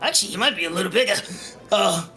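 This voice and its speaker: A man's voice: high voice, fast talker, sharp tone, faint music behind, pitched below the performer's own voice. A man voicing a small, nervous female kobold rogue who stammers hesitantly.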